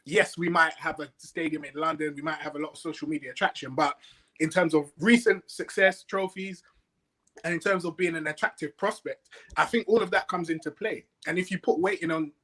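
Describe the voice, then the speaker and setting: Bright-voiced blunt man debating. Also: fairly high pitch, fairly even intonation, a little fast, slightly rough. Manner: blunt, reasoning aloud. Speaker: panelist. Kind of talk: casual football debate.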